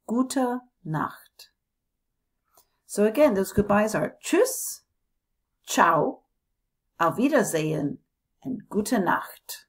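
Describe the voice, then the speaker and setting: A woman from the United States teaching a language lesson, slowly modeling phrases and repeating them for students. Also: mid-range voice, big pitch swings, breathy edge.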